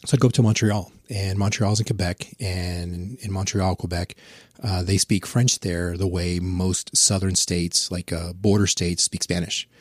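A man's voice: deep voice, level tone, unhurried, a little mellow, breathy edge, dry recording, studio quality. A man chatting casually on a podcast, telling rambling, profane anecdotes. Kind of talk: casual chat.

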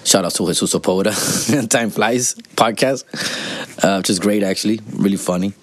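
A man's voice: on the low side, normal speed, no room sound. A man in his forties hosting a podcast, talking casually and comically, full of swearing and slang, and switching between English and Spanish. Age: 40s. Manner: profane, slangy, switches between English and Spanish, constantly says "fool" and "dog". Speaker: podcast host. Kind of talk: casual comedic monologue.

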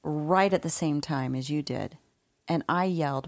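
Lower-voiced woman co-host chiming in. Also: unhurried. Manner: chiming in, teasing, blunt swearing. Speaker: podcast co-host. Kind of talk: casual chat.

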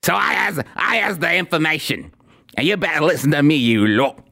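A man voicing a mocked woman official in a low, put-on Birmingham accent. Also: big pitch swings, fairly quick, creaky, a bit bright, exaggerated voice. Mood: mocking. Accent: mock Birmingham English. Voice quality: low, mocking.

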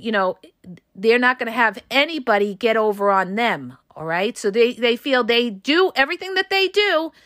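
A woman with a high, bright voice hosts a podcast, talking to her listeners directly in a loose, emphatic monologue. She circles back to her points and keeps checking in with the audience. The sound is close and dry. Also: no echo. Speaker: podcast host and coach.

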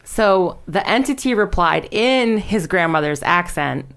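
A woman's voice: lowish voice, lively intonation, unhurried, fairly bright tone. A young woman casually telling a spooky story to friends, rambling, laughing and swearing as she goes. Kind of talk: casual storytelling podcast chat.

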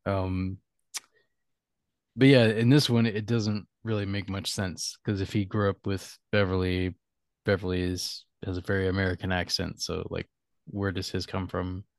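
A man with a lowish voice talks through his thoughts in a relaxed, rambling podcast chat, often chuckling as he goes. His voice is close and dry, with almost no room sound around it. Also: normal speed, no room sound. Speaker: podcast host. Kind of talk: casual chat.

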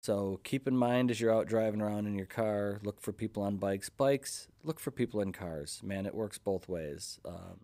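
A man's voice: lowish voice, normal speed, hardly any pauses, warm tone, no room sound. Upbeat man, dry studio sound. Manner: enthusiastic, upbeat. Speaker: podcast guest. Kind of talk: casual chat.

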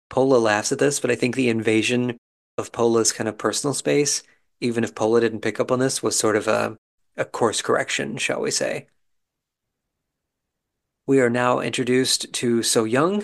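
Gravelly-voiced man recapping a show. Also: mid-range voice. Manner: wry, musing, chatty asides. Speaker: podcast host recapping a reality show. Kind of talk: casual commentary.

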